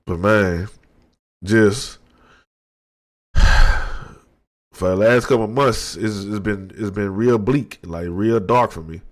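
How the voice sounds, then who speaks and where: Low-voiced man in his thirties, reflective. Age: 30s. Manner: slow, low-key, reflective, with slang and many restarts. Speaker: podcast host. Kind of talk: candid personal monologue. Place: at his desk.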